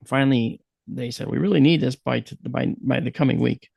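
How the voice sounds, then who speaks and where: Gravelly man telling a spooky story. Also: mid-range voice, measured pace, no room sound. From USA. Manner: animated storyteller, acts out his own quotes. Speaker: guest speaker. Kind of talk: storytelling talk.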